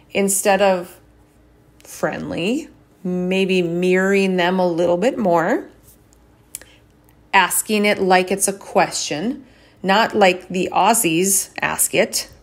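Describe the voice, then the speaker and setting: Expressive woman podcaster with lively pitch swings. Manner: expressive, swings her pitch to demonstrate tones. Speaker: chiropractor and podcast host. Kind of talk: casual solo podcast talk.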